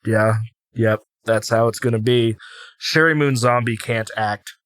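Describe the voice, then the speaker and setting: A man's voice: medium pitch, a bit bright, no room sound, clean studio sound. Joking, opinionated male podcaster. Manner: joking, quick to laugh, opinionated. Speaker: podcast co-host. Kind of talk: casual chat.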